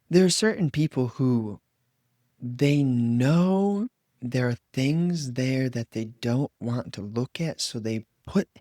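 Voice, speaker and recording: A man's voice: mid-range voice, darkish tone, no room sound, clean studio sound. A man hosting a solo podcast, talking in a loose, reflective way with many fillers and restarts. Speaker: podcast host. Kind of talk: solo podcast monologue on inner growth.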